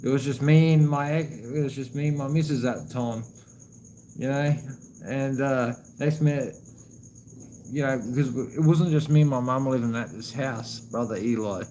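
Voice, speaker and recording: A man's voice: medium pitch, moderate pace, dark tone, a little hiss or hum, poor audio. An Australian man chatting casually on a live stream, rambling, swearing heavily and calling viewers man and brother.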